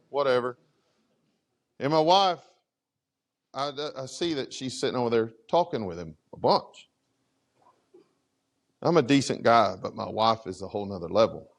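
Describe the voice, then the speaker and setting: A middle-aged man speaking at a conference, telling a story at a mid-range pitch. His talk is animated and conversational, and his pitch swings widely as he acts out the dialogue. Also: normal speed. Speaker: fire chief speaking at a fire service conference. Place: conference presentation room.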